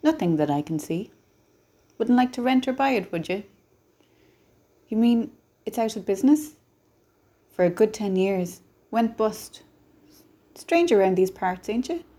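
A woman's voice: medium pitch, animated, a little slow, pauses often, mellow, voice pushed up. A woman voicing a talkative, folksy older male real estate agent in a small town.

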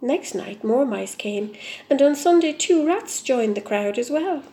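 A woman reading a fairy tale aloud in a gentle, measured storybook manner. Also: high voice, lively intonation, roomy sound.

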